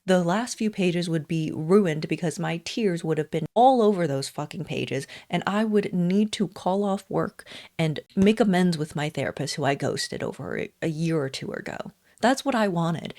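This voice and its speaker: Casting note: young woman, lower-pitched voice, candid book reviewer, emphatic, swears a lot. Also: a little mellow. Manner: frank, emphatic, swears freely. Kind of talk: casual spoken book review.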